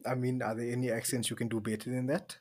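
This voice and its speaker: A man's voice: medium pitch, level tone, fast talker, a little mellow, breathy edge. Laid-back teasing podcast host man. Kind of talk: casual interview chat.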